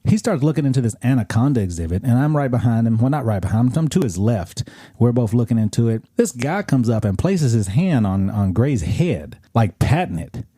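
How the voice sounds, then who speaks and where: A man's voice: mid-range voice, big pitch swings, fairly quick, warm tone, husky, no room sound, clean studio sound. A man in his thirties co-hosting a podcast, telling a story in a loose, profane way with frequent restarts. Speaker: podcast co-host. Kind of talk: casual chat.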